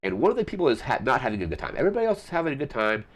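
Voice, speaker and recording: A man's voice: medium pitch, wildly swooping pitch, racing. A man hosting a podcast, casually recapping a film in a rambling way full of fillers. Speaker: podcast host.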